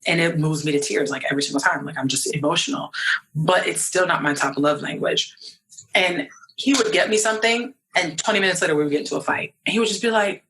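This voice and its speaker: Captured on a low-quality recording, this podcast guest, a young woman from New York, has a lowish, husky voice that is a bit bright and fast. Chatting animatedly in a casual interview, she performs the voices she quotes.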